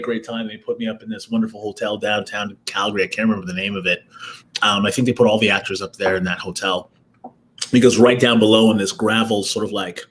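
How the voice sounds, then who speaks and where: A man's voice: fairly low pitch, fairly bright tone. A man talking as an actor guest in a casual interview, telling rambling stories and laughing often, over a video call. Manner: rambling, chatty storytelling with frequent laughs.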